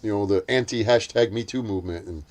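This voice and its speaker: Quick-paced and a little mellow, a man in casual conversation recounts a heated story full of swearing. When he quotes other people, he acts them out in a shrill voice.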